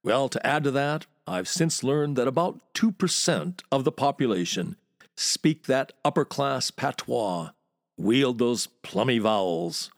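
A man's voice: medium pitch, a little slow, dry recording, studio quality. An American man hosting a podcast, reading a wry, word-loving monologue. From United States. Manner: wry, relishing words, lively storyteller. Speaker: podcast host and walking tour guide.

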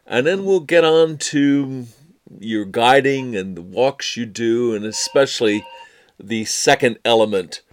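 A man's voice: medium pitch, a little slow. A man hosting an interview, chatty and playful, with lots of encouraging backchannels. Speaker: podcast host interviewing a tour guide. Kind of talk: casual interview chat.

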